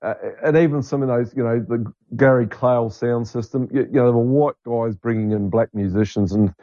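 A man's voice: mid-range voice, fairly even intonation, a little fast, mellow, lo-fi sound. A New man in casual, opinionated chat, rambling with many fillers and restarts.

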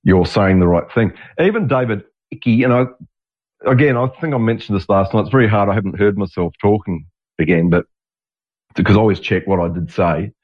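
A man's voice: lowish voice, a little fast, husky. A man in his sixties hosting his own show in a rambling, digressive monologue, restarting sentences and swearing now and then. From Australia. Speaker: podcast host. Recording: dull lo-fi audio.

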